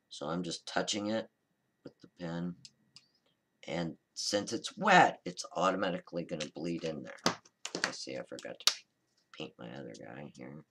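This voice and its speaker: A man hosting a card-making tutorial, talking through a coloring demonstration in a relaxed, chatty, reassuring way and often correcting himself mid-sentence. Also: deep voice, slight background noise. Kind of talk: casual step-by-step crafting demonstration.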